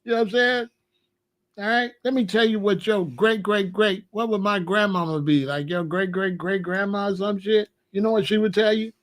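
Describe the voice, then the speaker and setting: A man's voice: sits high, fairly even intonation, normal speed. An older man, a grandfather, talking casually to camera in a profane, taunting rant, laughing often and asking "you know what I'm saying?". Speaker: vlogger scolding his grandson.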